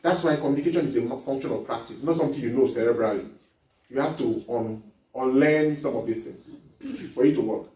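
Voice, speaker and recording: A man giving a lively marriage seminar talk, laughing often and acting out little dialogues as he teaches. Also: mid-range voice, a little fast. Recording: echoey hall recording from far off.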